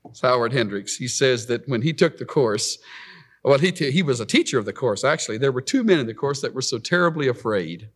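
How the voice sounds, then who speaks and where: A man preaching a sermon, telling the story in an animated way and acting out scripture. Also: medium pitch, a little fast, breathy edge.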